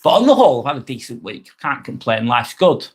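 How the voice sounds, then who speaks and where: A man in his forties hosting a live stream, chatting casually and reading out viewer comments, friendly, rambling and quick to apologise. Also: medium pitch, very animated, slightly rough. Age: 40s. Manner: chatty and friendly, ranting a little, apologising often.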